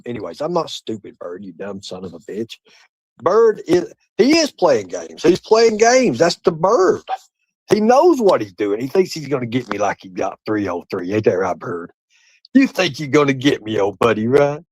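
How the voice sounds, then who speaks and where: A man hosting a casual livestream, talking to his chat and a guest. He taunts and mocks in a profane voice, dropping to low mutters and then jumping into high, excited outbursts. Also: normal speed, breathy edge, dry recording, rough recording. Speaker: livestream host. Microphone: streaming setup.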